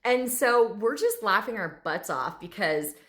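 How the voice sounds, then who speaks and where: A woman who works as an animal communicator, telling a story in a chatty, animated way, full of fillers. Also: mid-range voice, a little slow. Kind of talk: casual storytelling to camera.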